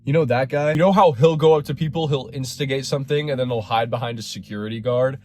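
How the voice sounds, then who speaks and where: A man's voice: mid-range voice, fast, a little mellow, slight background noise. A young man delivering a sarcastic, rambling sports rant in a casual monologue. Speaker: sports commentary creator.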